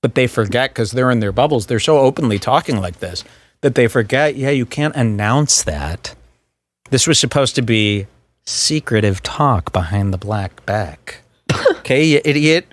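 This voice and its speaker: A male podcast host talks in a casual, sarcastic riff, his pitch jumping up and down as he mocks. The sound is dry and close, with no room around it. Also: normal speed, dry recording. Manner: sarcastic, mocking, lively delivery. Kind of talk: casual comedic commentary.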